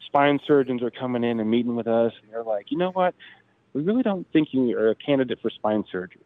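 A man's voice: medium pitch, fast talker, dry recording. A man in his thirties, a podcast guest, casually telling a personal story and acting out the dialogue. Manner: animated retelling, acting out quoted dialogue. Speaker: podcast guest, drag racer. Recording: tinny phone-line sound.

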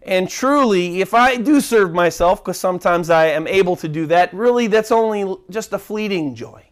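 A man's voice: high-pitched, normal speed. A man preaching a sermon as pastor, earnest, often repeating and restarting his words.

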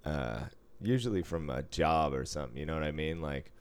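A man co-hosting a podcast, relaxed and joking in casual chat, quick to laugh. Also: rumbling low, clear, resonant tone. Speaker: podcast co-host.

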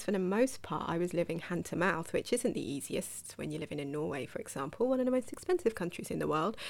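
A woman's voice: on the low side, creaky, a little mellow. A woman hosting a solo podcast, talking in a chatty, digressive way and asking the listener questions. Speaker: podcast host. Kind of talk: reflective solo podcast talk.

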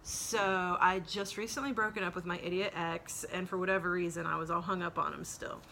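A woman's voice: on the low side, fairly even intonation, fairly quick, vocal fry, bright, forceful tone. Female podcast host, brash and profane, rambling anecdote, faint noise behind her. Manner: profane, rambling, laughs through story. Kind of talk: casual storytelling.

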